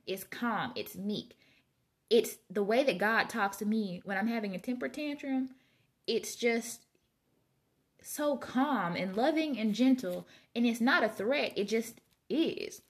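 Animated but unhurried, a fairly high-voiced woman reads Bible passages on her study vlog, then talks through her thoughts on them in an easygoing way.

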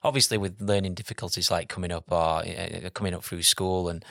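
A man, co-hosting a casual chat, reflective and quick to agree. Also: deep voice, fairly even intonation, creaky, a bit bright, no echo, studio quality. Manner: reflective, agreeable, many backchannels. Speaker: podcast co-host.

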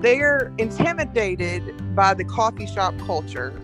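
A woman with a Southern American accent, a coffee entrepreneur talking frankly and telling animated stories as a podcast guest. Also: medium pitch, unhurried, music in the background. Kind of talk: casual podcast conversation.

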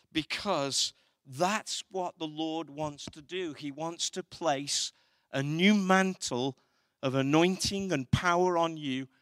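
A man's voice: fairly high pitch, fairly bright tone, no echo, studio quality. A man preaching a sermon as pastor, building to emphatic, repeated declarations. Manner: preaching with rising intensity, emphatic repetition.

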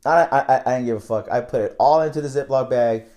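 A man's voice: mid-range voice, quick pace, mellow. A young man telling a casual, candid story about his night-shift work, rambling and swearing freely.

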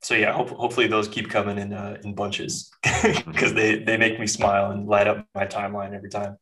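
A man's voice: lowish voice, little pitch movement, brisk, noisy background. A man co-hosting a podcast, chatting casually about sports in a laid-back, loose way. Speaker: podcast co-host.

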